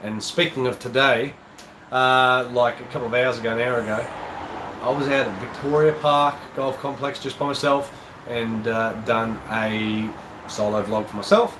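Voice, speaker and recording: An Australian man with a mid-pitched voice, nasal and a bit stuffy from a cold, chats loosely through viewer comments with plenty of ums and uhs. He sounds like he's in an echoey indoor room, and an air conditioner hums clearly behind him. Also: fairly even intonation, moderate pace, background noise. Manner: casual, chatty, rambling with fillers. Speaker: golf channel host. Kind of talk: live-stream chat reading viewer comments.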